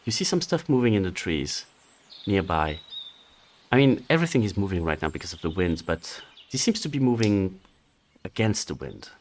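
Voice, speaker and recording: A man narrating a tabletop game as game master, relaxed and halting with fillers. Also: low-pitched, slight background noise.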